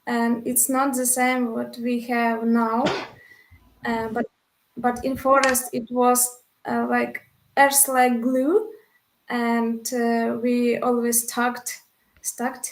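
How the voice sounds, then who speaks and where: A woman from Ukraine, a volunteer guest speaking halting English on a video call as she searches for words. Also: on the high side, flat delivery, reverberant, poor audio. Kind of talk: casual video-call chat.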